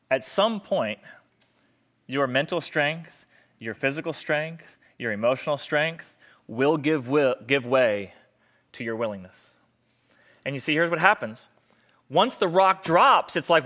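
A man delivers a motivational talk to a live audience in a bright, ringing voice that sits a little high for a man. He is animated and acts out both sides of arguments in raised voices. He hammers his points home by repeating short phrases. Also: a little slow, long pauses. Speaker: speaker on stage.

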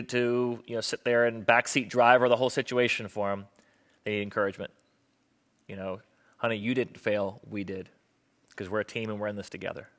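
A man's voice: medium pitch, fairly bright tone. A young man preaching a sermon on marriage to a live audience, conversational and self-deprecating, acting out the people he quotes. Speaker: pastor.

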